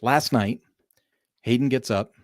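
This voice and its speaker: A middle-aged man from Southern California talks straight to his livestream audience in a casual, animated storytelling way. His voice sits at an ordinary middle pitch. It is recorded close and dry, with no room sound around it. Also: slow pace, no echo. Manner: animated storyteller addressing viewers as "folks". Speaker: livestream host.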